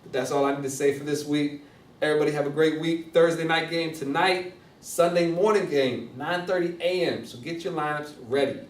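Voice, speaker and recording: A man's voice: a little high, steady tone, brisk. A young man, a league commissioner, running through fantasy football picks in a joking, upbeat casual rundown. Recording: echoey room, mic at a distance.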